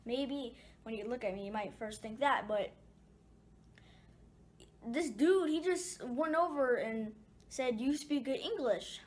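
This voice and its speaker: A woman's voice: a little high, slow, long pauses. Chatty woman telling a story. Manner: chatty, rambling with ums and restarts. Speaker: storyteller vlogger. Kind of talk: casual storytelling.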